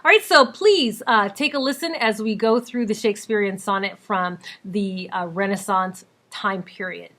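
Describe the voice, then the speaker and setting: A woman's voice: mid-range voice, normal speed, few pauses, a bit bright. A woman teacher giving a recorded lesson, explaining step by step and counting points out with emphasis. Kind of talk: recorded classroom lecture.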